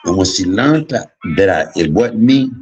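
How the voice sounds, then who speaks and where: Man in his fifties, very low and husky, swings his pitch widely; blunt, profane livestream storyteller. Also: animated, normal speed, darkish tone, dull audio, soft background music. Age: 50s. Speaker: livestream host. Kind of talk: candid livestream monologue.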